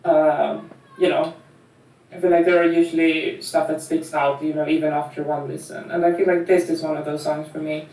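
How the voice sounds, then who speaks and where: A woman's voice: sits low, flat delivery, normal speed, dark tone, roomy sound, far from the mic. A woman talking casually as a guest reviewer on a music show, gushing and full of fillers. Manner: gushing, filler-heavy, repeats itself.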